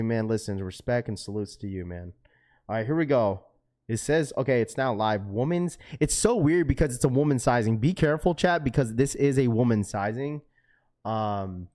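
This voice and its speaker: A man in his thirties hosting a sneaker livestream, chatting casually and excitedly with viewers in slang, with the odd swear word. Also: mid-range voice.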